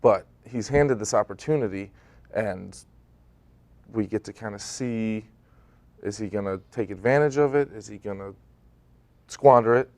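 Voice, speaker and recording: A man, a stage actor, talking about his role in a relaxed, thoughtful, conversational way during a studio TV interview. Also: fairly low pitch, a little slow, pauses often, dry recording. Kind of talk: local TV interview.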